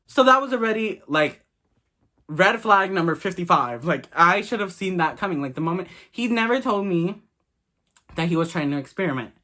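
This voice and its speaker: A man's voice: a little high, lively intonation, moderate pace, bright, forceful tone. A young man vlogger telling a story casually, blunt and crude, swearing often.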